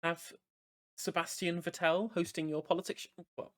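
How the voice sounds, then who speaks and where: A woman's voice: fairly low pitch, little pitch movement, moderate pace, heavy background noise. A woman streamer reacting to a TV debate in a rambling, sarcastic casual chat, full of "like". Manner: rambling, heavy use of "like", sarcastic.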